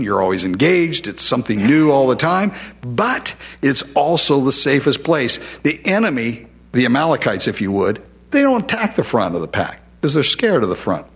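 A man's voice: mid-range voice, husky, highs cut off. A man preaching a sermon in a conversational way, with frequent asides and quoted voices.

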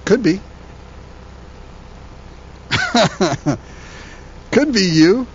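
Lively, high-pitched male pastor preaching. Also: measured pace, long pauses, lo-fi sound, slight background noise. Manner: animated, conversational preaching with laughs and repeated words. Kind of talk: sermon.

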